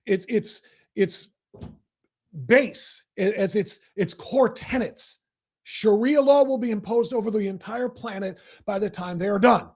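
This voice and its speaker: Husky high-voiced male podcast host. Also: darkish tone. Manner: emphatic, deliberate pauses. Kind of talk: opinion commentary.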